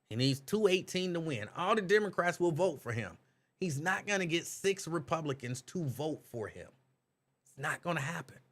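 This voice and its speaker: A man hosting a live talk stream, reading viewers' comments aloud and riffing on them in an animated, direct way. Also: mid-range voice. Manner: animated, talks straight to chat viewers. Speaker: talk show host reading live chat.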